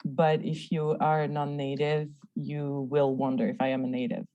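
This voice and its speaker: Low mellow woman, light French accent. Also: normal speed, muffled recording. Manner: laughing, lively storyteller. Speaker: guest researcher. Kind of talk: casual conversation.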